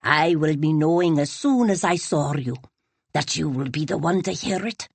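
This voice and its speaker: A woman voicing a stately old Highland widow. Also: gravelly, slightly rough, no room sound, heavily acted. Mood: firm. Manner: slow, measured, formal speech.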